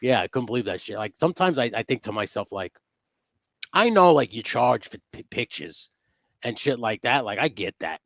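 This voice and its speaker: A man with a mid-range voice chats casually as host of a live stream. He swears freely and tells stories with animated energy. The sound is dry and close, with no room around it. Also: mid-range voice, moderate pace, dry recording. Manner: profane, animated storyteller. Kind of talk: casual chat.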